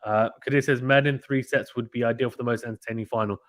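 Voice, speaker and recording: Male streamer, casual excitable play-by-play, dry booth sound. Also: mid-range voice, quick pace, no room sound. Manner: chatty, excitable, uses British slang. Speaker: live tennis stream commentator. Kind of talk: casual live play-by-play commentary reading chat.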